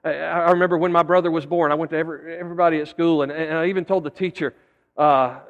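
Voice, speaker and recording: A man's voice: fairly high pitch, steady tone, quick pace, big-room sound, phone-quality sound. A man preaching a sermon as pastor, telling stories with folksy asides and repeated words.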